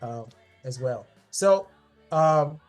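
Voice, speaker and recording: A man's voice: a little high, animated, extremely slow, soft background music. Man giving a fond talk. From Columbia, South Carolina. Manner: fond, personal, with frequent restarts. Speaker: guest speaker. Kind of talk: online history talk showing family photos. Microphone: video call.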